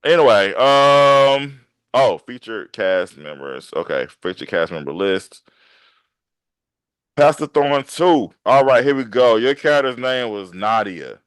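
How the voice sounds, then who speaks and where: A man hosting a casual interview podcast, animated and laughing easily, often repeating his phrases. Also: medium pitch, measured pace, clear, resonant tone, no room sound. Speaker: podcast host and writer.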